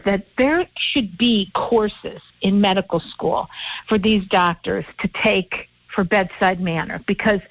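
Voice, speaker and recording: A woman's voice: mid-range voice, gravelly, dry recording. A woman co-hosting a local radio talk show, telling a rambling story with many restarts. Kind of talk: casual radio chat. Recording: dry, dull-sounding radio studio audio.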